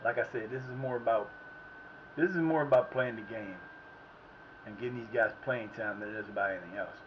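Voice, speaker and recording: A man's voice: lowish voice, fairly quick. Rambling man muttering over a game stream. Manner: rambling, muttering to himself, reacting loudly to plays. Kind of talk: casual live-stream commentary. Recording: slightly muffled with faint background noise.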